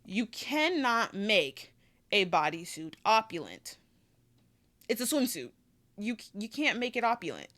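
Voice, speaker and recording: A woman's voice: medium pitch, big pitch swings, measured pace, fairly bright tone. A woman giving casual review commentary on a TV show, emphatic and repetitive, with lots of "like" fillers.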